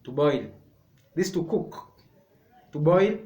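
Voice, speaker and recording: A man leads a sign language lesson in a slightly raised voice. He talks very slowly, repeating each word as he explains. The echoey room gives his voice a hollow ring. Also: fairly high pitch, lively intonation, a little mellow. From Kenya. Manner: slow, repetitive, explaining step by step.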